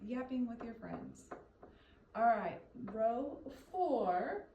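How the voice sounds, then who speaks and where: A woman's voice: on the high side, big pitch swings, very slow, highs cut off, background noise. A woman tutoring a child one-on-one in reading, patient and encouraging, coaxing answers out of him. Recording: echoey room, mic at a distance.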